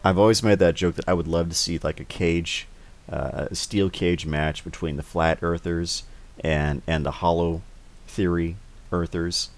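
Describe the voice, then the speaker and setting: A man's voice: low voice, steady tone, a little slow. A man hosting a casual interview. He talks hesitantly, with many restarts and fillers. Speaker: host.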